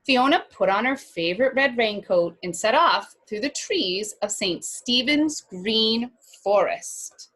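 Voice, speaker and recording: A woman reading a children's picture book aloud, with animated asides to her listeners. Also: on the high side, slow pace, few pauses.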